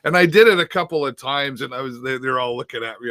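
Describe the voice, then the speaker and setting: A man with a mid-range voice and a sharp tone hosts a live stream as a sports commentator, chatting casually at a quick pace. He rambles with lots of fillers and restarts. The recording is dry with clean studio sound.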